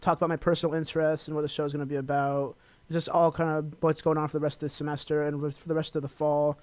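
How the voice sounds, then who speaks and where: A man's voice: a little high, level tone, quick pace, darkish tone, no room sound. A young man from Los Angeles hosting a college radio show, chatting casually and rambling with lots of fillers as he promotes himself. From Los Angeles, California. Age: young adult. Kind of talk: casual solo radio talk.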